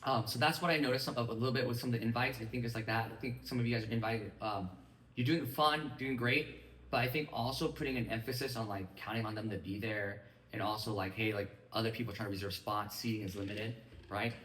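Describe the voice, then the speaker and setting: Fast-talking man in an echoey room. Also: mid-range voice, fairly bright tone. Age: 30s. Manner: fast, casual, acts out quoted dialogue. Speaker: sales team leader. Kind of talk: training talk to a live group. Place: room with a small audience.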